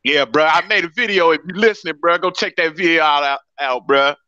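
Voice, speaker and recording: A man's voice: fairly high pitch, fairly quick, pushed and bright, dry recording. A man co-hosting a podcast in casual chat, talking laid-back slang and saying "bro" over and over. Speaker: podcast co-host. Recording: dull lo-fi dry sound.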